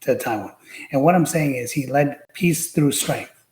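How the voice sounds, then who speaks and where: This podcast guest, a man with a medium-pitched voice, keeps a measured pace while spinning animated stories during casual political talk, acting out what people said. The low-quality recording has a roomy sound.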